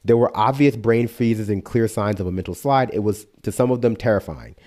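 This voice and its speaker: A man's voice: lowish voice, brisk, a little mellow. A man streaming, reading an article aloud and breaking off for sarcastic, casual asides.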